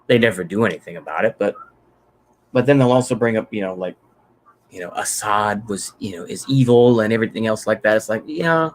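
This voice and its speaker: A man's voice: on the low side, a little fast. A man from Texas giving unscripted solo political commentary, rambling and profane, with many fillers and restarts.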